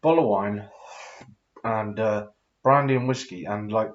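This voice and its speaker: A man's voice: fairly low pitch, a little slow. Tipsy rambling man, dull lo-fi sound. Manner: rambling, hesitant with many fillers, sweary. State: tipsy after drinking. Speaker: vlogger. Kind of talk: rambling personal storytelling.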